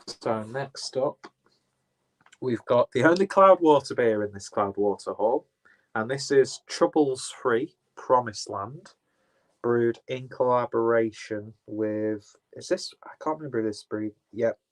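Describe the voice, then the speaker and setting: Rambling, profane man. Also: mid-range voice. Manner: rambling, profane, self-correcting. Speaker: beer reviewer. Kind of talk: casual unboxing chat.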